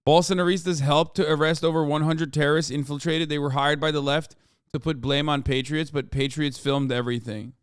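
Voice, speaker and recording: A man's voice: on the high side, steady tone, a little fast, clean tone, dry recording, studio quality. A man ranting sarcastically and profanely through political commentary on a livestream. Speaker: streamer.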